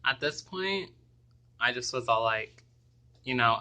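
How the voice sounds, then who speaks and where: Slow, hesitant young man with a crisp voice. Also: mid-range voice, bright, forceful tone. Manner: halting and hesitant, with many ums. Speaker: vlogger. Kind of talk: personal storytelling to camera.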